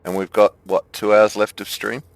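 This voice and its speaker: Gravelly low-voiced man chatting over gameplay. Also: little pitch movement, moderate pace, no room sound. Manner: playful, laughs often, thinks aloud. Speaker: game streamer. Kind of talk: casual gameplay chat.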